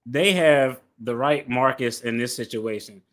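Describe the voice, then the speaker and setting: A man hosting a reaction show, talking in an animated, slangy way and laughing often as he comments. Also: mid-range voice, unhurried. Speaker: attorney reaction host.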